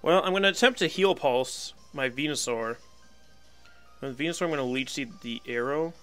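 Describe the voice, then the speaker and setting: A man's voice: medium pitch, normal speed, a bit bright, faint music behind. A young man giving casual live commentary on a video game battle, wry and resigned, laughing at himself now and then. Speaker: gaming channel host.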